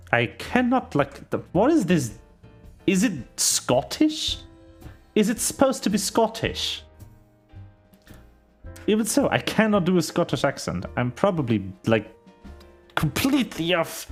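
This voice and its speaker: A man's voice: high voice, very animated, unhurried, pauses often, soft background music. Chatty, self-mocking male streamer. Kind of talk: casual game stream chat.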